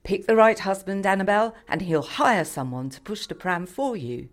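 A woman's voice: medium pitch, lively intonation, moderate pace, voice pushed up, close to an everyday voice. A woman voicing a posh, fussy middle-aged mother who lectures firmly in a trilling voice. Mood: lecturing.

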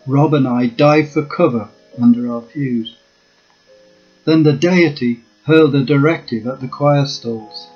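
A man telling a memoir story in a slow, measured reading voice. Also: mid-range voice. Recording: dull lo-fi with faint guitar.

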